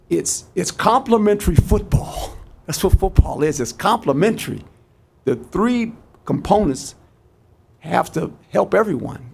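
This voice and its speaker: A man's voice: on the high side, gravelly, darkish tone. An older man in his sixties, a head football coach answering press conference questions in a folksy, repetitive way, acting out his sideline exchanges.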